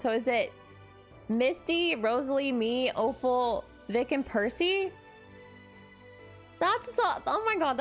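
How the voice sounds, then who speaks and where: A woman streamer chatting casually on a live stream, gushing and excitable, often gasping in delight. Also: sits high. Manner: gushing and excitable, frequent gasps.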